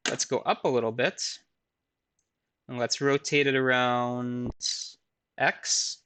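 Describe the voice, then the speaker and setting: A man giving a recorded university lecture with a live software demo, talking casually with frequent fillers and self-deprecating asides. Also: medium pitch, fairly even intonation, slow, long pauses, a little hiss or hum.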